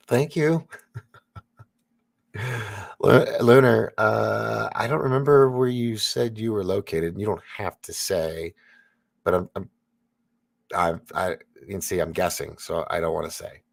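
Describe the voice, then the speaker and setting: Brief: male livestream host, low gravelly voice, chatty and rambling, dry close sound. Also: dry recording. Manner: rambling, laughing, many fillers and restarts. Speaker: livestream host reading chat. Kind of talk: casual livestream chat.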